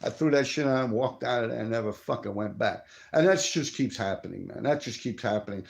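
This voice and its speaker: Middle-aged New man, gravelly, streetwise, profane live-stream storyteller. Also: medium pitch, fairly quick. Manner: profane, streetwise, answers viewer chat. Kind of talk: casual rambling storytelling.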